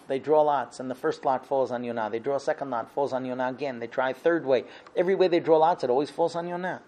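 A man gives a religious lesson as a lively story, slipping into the characters' voices as he goes. His voice sits high for a man, and he keeps the telling animated and emphatic. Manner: lively, acts out quotes in voices. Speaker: teacher giving a religious talk.

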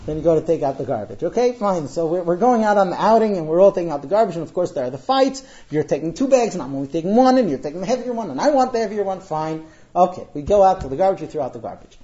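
A lively storyteller giving a parenting talk, with pitch rising and falling all through. The voice is warm and mellow. The sound is muffled and lo-fi, as if from a modest recording of a live class. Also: fast. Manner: animated storyteller who acts out quotes. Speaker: parenting speaker.

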